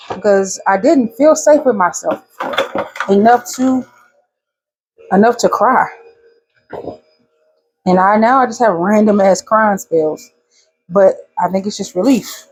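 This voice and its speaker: A woman's voice: medium pitch, noisy background. A young woman vlogging from her home kitchen while juicing, talking candidly in AAVE, swearing freely and voicing her own inner thoughts. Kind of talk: casual chat while juicing.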